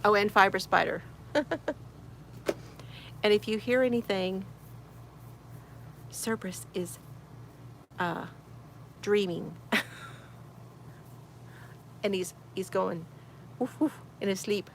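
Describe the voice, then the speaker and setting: Woman, crochet livestream host, casual chat, gravelly voice, faint background hiss. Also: mid-range voice, fairly even intonation, slow pace, pauses often. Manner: chatty, greets viewers and reads chat comments aloud; laughs often. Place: she shed.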